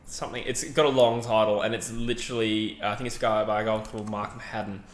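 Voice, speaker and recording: A man's voice: on the low side, little pitch movement, fast talker, a little hiss or hum. A man co-hosting a podcast, chatting casually and hedging as he rambles and corrects himself. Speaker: podcast co-host. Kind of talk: casual chat. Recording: roomy echo, faint background ambience.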